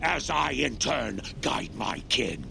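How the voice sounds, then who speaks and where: Video game brute: an unhinged, gravelly super mutant who talks to a skull in halting bursts. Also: male voice, animated, pushed and bright, slight background noise, heavily acted. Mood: suspicious. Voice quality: gravelly, deep-throated. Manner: halting, broken speech. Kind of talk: video game character dialogue.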